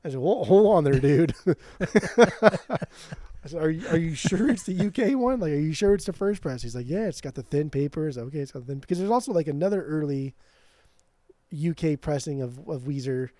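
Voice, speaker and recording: A man co-hosting a podcast, telling a story in a casual, animated way and swearing freely. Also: a little high, fast, no echo. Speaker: podcast co-host, record store owner. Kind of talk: casual chat.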